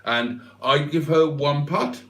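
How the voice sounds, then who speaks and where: A man hosting a livestream, telling a rambling comic monologue in a deadpan, mock-serious way with long digressions. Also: on the high side, slow pace. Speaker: livestream host. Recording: echoey room, mic at a distance.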